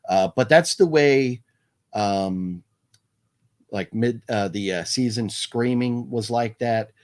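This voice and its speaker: A man's voice: medium pitch, slow, a little mellow. A man hosting a live movie news stream, chatting casually and rambling, with many fillers and restarts while he reads viewer comments aloud.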